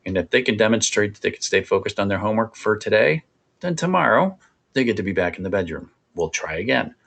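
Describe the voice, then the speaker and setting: A man presenting a parenting workshop in a conversational, animated coaching way. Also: fairly low pitch, fast talker, gravelly, slightly rough.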